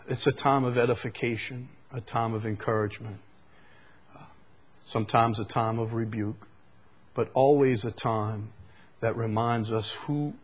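A middle-aged male preacher giving a sermon, shifting from quiet musing to loud, emphatic outbursts. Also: mid-range voice, slightly rough.

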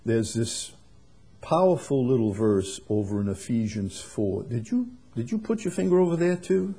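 A man preaching a sermon, swinging from quiet and conversational to loud, emphatic passages. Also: medium pitch, very animated, normal speed, slightly rough. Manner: builds to loud emphatic preaching, then drops soft. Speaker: pastor.

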